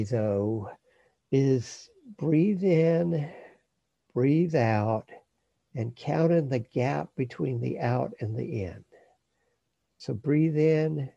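A man calmly teaching breath meditation, speaking in a slow, measured way that trails off softly at the ends of phrases. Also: medium pitch, vocal fry, slightly rough, no room sound, muffled recording. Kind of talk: guided meditation instruction.

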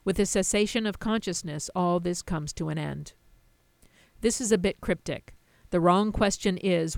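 A woman's voice: on the low side, moderate pace, vocal fry, no echo. A woman teaching a Buddhist sutta, retelling its story with plain asides. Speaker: dharma teacher.

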